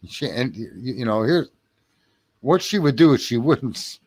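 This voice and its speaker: A man hosting a late-night livestream, telling a rambling story with lots of swearing, laughter and throat clearing. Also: medium pitch, lively intonation, unhurried, darkish tone. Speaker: livestream host. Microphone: home streaming mic.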